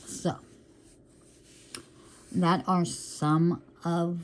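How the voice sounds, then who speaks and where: This crafting vlogger has a low, gravelly, warm voice with fairly even intonation and an unhurried pace. Chatting casually while she diamond paints, she keeps addressing viewers as y'all, slips in quick apologies, and mutters to herself.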